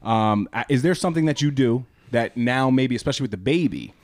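A young man co-hosting a podcast, talking earnestly in a halting way with many restarts. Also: mid-range voice, expressive, a little mellow, dry recording, clean studio sound. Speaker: podcast co-host. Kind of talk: casual chat.

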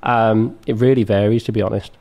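A man's voice: fairly low pitch, fairly even intonation, a little fast, darkish tone. A young man, a business founder, talking earnestly and enthusiastically as a podcast guest. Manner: earnest, enthusiastic, many restarts. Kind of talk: casual podcast interview.

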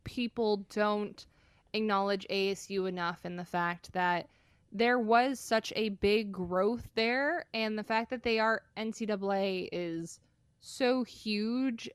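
A young woman co-hosting a podcast, rambling with real enthusiasm and breaking into laughs mid-sentence. Her voice is clear and smooth at a middle pitch, recorded close in a dry, dead room. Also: dry recording. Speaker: podcast co-host. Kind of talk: casual chat.

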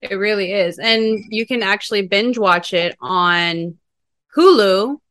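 A woman chef as a podcast guest in casual chat, playful and teasing with quick short replies. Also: mid-range voice, a bit bright, dry recording.

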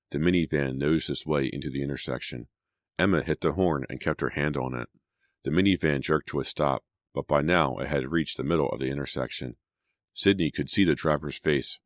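Deep-voiced male narrator for a teen thriller audiobook, measured, dry booth. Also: no echo. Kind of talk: scripted narration.

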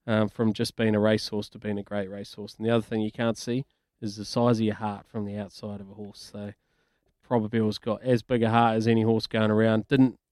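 A man's voice: fairly low pitch, level tone, brisk, a little mellow, no room sound, studio quality. A man co-hosting breakfast radio, chatty and enthusiastic, teasing his partner. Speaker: radio co-host.

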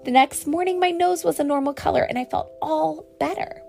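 A woman reading a children's picture book aloud to a child in an expressive, sing-song storytelling way. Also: sits high, fairly quick, creaky, faint music behind. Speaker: reader.

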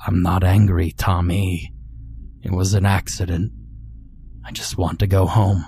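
A man voicing a male ghost with a light, raspy voice, pleading slowly and calmly with quiet anger beneath. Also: sits low, a little hiss or hum. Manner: slow, calm, pleading. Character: ghost of a drowned-sounding lost boy, pleading, quietly angry.

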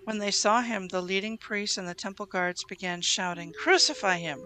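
A host reading scripture aloud in a steady, measured way, giving the quoted lines plainly. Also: medium pitch, background noise. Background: music bed under the reading.

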